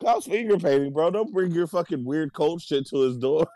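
A man co-hosting a podcast in casual chat, retelling scenes in a rambling, excited way with lots of fillers. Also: on the high side, fairly quick, no echo, poor audio. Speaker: podcast co-host.

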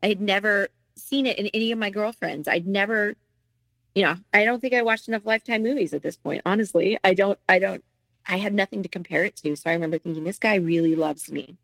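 A middle-aged woman speaks candidly into a close microphone, reliving a painful chapter of her life. Her voice sits at an ordinary middle pitch, and the room gives back no echo. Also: quick pace. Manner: candid, animated, acts out quoted lines. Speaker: guest telling her story. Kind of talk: emotional personal storytelling.

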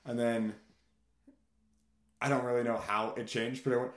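A man chats as a podcast guest, spinning loose, laughing stories and breaking into shouted catchphrases. His voice sits at an ordinary middle pitch and carries a noticeable room echo. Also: normal speed, long pauses. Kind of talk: casual storytelling chat.

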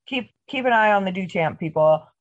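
A woman co-hosting a casual recap podcast, retelling a TV episode in an animated, profane way. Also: mid-range voice, brisk. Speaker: podcast co-host. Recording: dull lo-fi audio.

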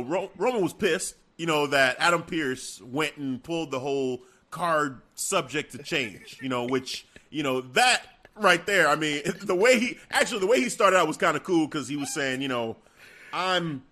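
High, lively man in casual chat. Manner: rambling, laughs a lot, frequent "you know".

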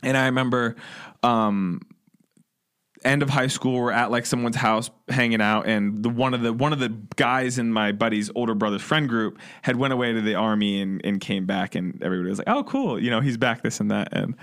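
A man's voice: mid-range voice, fairly even intonation, a little fast, fairly bright tone, smooth. A young man from the US Midwest, a podcast co-host telling rambling stories in casual chat, laughing often.

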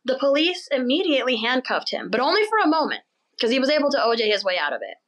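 A young woman hosting a podcast, telling a story in an animated, chatty way and laughing as she goes. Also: high voice, low-quality recording. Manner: chatty, animated, laughs while telling, does quick mocking voices for people in the story. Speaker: podcast host. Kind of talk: casual storytelling chat.

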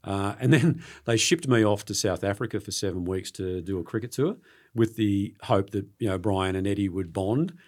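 A man's voice: on the low side, darkish tone. Earnest Australian man telling stories. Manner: earnest, halting, repeats words as he recounts. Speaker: sports journalist guest. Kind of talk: casual interview storytelling.

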